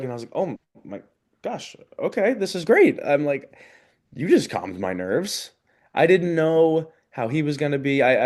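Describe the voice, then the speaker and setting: A young man in a relaxed interview, talking through his experience in an earnest, open way. His voice sits at an ordinary middle pitch, and he pauses and restarts as he gathers his thoughts. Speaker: interview guest, competition show contestant. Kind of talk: casual interview chat.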